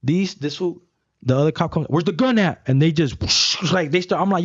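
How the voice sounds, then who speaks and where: A young man telling a story in casual talk, animated and acting out the voices of others. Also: fairly high pitch, moderate pace, husky, no room sound, muffled recording. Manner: animated, acts out voices in stories, swears a lot. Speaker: guest.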